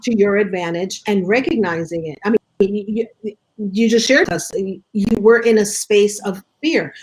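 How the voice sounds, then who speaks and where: A woman's voice: medium pitch, moderate pace, darkish tone, low-quality recording. A woman hosting an interview who sums up her guest's story in a supportive, reflective way. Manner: affirming, reflective summarizing. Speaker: interview host. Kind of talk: casual interview.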